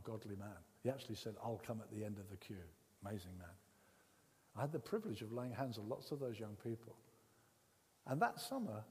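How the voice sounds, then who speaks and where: An older man from England preaching a sermon, telling his own story with repeated words and swings between loud and hushed speech. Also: mid-range voice, big-room sound. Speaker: pastor. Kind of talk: sermon with personal testimony.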